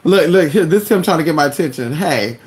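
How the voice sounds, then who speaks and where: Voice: medium pitch, animated, quick pace. A host chatting casually at home with viewers, calling everyone "honey" and talking to their dog between remarks. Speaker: live-stream host.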